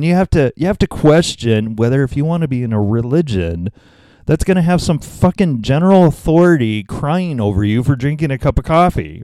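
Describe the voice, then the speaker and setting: A man's voice: medium pitch, mellow, no echo. A man giving profane, sarcastic commentary, mocking a talk he is reacting to. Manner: sarcastic, swears constantly, exasperated.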